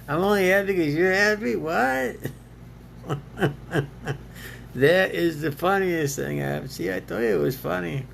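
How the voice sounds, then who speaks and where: A man's voice: a little high, gravelly, slight background noise. A man rambling to himself with frequent laughs, arguing back and forth as if two people were talking. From United States. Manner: laughs often, argues with himself in two voices. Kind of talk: rambling self-talk monologue.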